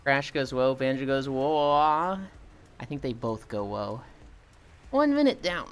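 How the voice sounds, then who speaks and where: A man streaming live and chatting with viewers as he exercises. His talk rambles, and his pitch is animated, jumping up and down. He talks casually and loosely, like a regular addressing his chat. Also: fairly quick.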